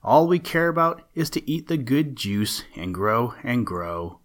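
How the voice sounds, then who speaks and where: A man's voice: mid-range voice, big pitch swings, measured pace. A man voicing carefree little pumpkin siblings in a storybook reading, brushing off worry.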